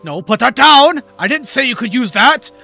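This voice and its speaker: A man voicing a gruff middle-aged warrior father who booms out his complaints. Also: animated, normal speed, soft background music, exaggerated voice. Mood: exasperated. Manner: booming shouted lines.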